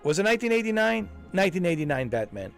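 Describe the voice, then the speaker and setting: Excitable, rambling man with music behind. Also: sits high, fast, creaky. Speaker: gaming streamer. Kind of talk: casual chat during a game walkthrough.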